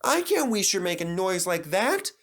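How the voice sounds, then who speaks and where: Man voicing a kind old engine, gentle, friendly, lilting. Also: high-pitched, big pitch swings, moderate pace, voice pushed up, heavily acted.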